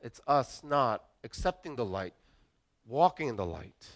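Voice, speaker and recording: A man's voice: medium pitch, big pitch swings, a little slow, fairly bright tone. A middle-aged man preaching a sermon as pastor, earnest and conversational, often restarting his phrases.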